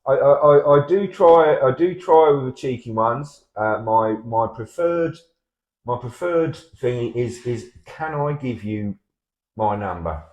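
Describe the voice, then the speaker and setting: A man in his fifties with a Portsmouth English accent, trading deadpan comic chat and stumbling self-deprecatingly over his words. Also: medium pitch, slow, roomy sound, dull audio. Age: 50s. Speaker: comedy double-act partner.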